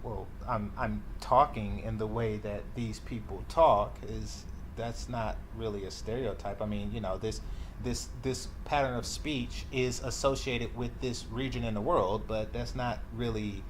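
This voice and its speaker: Lower-voiced man, sarcastic reaction host, loose rambling delivery with lots of fillers. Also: steady tone, a little slow, a little hiss or hum. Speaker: commentary channel host. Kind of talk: reaction commentary.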